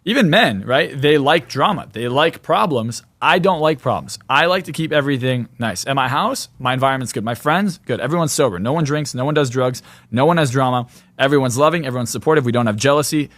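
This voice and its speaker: A man's voice: mid-range voice, lively intonation, brisk, fairly bright tone, no room sound. A man speaking as a podcast guest in a blunt, emphatic, opinionated way. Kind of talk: podcast interview.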